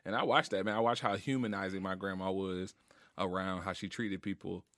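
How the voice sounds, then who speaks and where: A man's voice: low voice, fairly even intonation, brisk, a bit bright, no echo, studio quality. A man guest on a podcast, talking casually and reflectively, slangy and openly emotional. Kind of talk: casual heartfelt conversation. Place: podcast studio.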